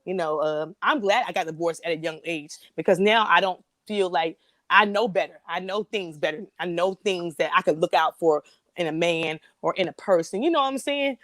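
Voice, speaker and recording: A woman in her forties talking over her life in a casual chat, reflective and halting, often restarting her sentences. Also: lowish voice, fairly bright tone, dry recording, clean studio sound. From North Carolina. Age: 40s. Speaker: guest on a live chat.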